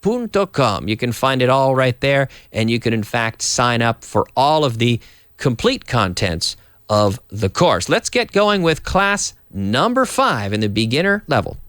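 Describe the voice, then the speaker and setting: A man's voice: medium pitch, very animated, unhurried, a bit bright, no room sound. A middle-aged man from Canada teaching English to Spanish speakers, acting out example sentences with big, exaggerated question intonation.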